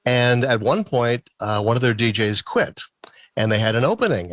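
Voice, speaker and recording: A man's voice: medium pitch, fairly quick, dry recording. A man telling stories as a guest in an interview, talkative and chuckling as he goes. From Massachusetts. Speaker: guest, musician and former DJ. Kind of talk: casual interview storytelling.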